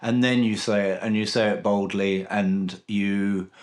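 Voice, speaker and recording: Low-voiced man telling an earnest story. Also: flat delivery, unhurried. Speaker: podcast host. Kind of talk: casual conversational interview.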